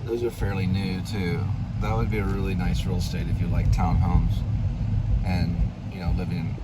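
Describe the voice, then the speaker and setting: A man talks through a casual driving vlog in a lowish voice, rambling from one folksy story to the next. He pokes fun at himself as he goes. Road and traffic noise comes through clearly behind him. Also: flat delivery, normal speed. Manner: rambling, folksy, self-deprecating. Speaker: vlogger. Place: in a car on city streets.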